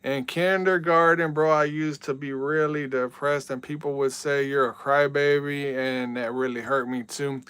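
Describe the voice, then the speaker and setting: A man live-streaming a football video game in casual chat, reading out viewer messages and yelling at big plays. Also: mid-range voice, steady tone, moderate pace, few pauses, smooth.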